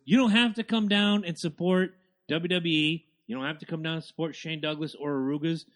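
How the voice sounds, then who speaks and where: Loud dude cohosting a podcast, kinda high voice, cusses a lot. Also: male voice, fairly quick. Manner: loud, excitable, swears freely. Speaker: podcast co-host. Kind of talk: casual chat.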